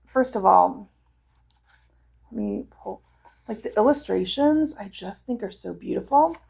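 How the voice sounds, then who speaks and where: Woman, young adult, enthusiastic book reviewer; slow, easy delivery with heavy vocal fry. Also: medium pitch, expressive, darkish tone. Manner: enthusiastic, chatty, frequent fillers. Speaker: book vlogger. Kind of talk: casual book review chat.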